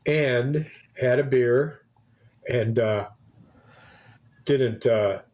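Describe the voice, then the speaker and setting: He's a podcast co-host spinning a rambling, casual story full of restarts, his medium-pitched voice drawing out words with a slightly mellow quality.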